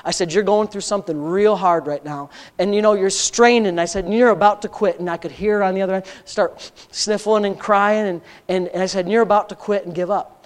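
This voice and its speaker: A man's voice: sits high, steady tone, brisk. Man preaching a fervent testimony. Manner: storytelling, voice rising to impassioned near-shouting. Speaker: pastor. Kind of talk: testimony sermon.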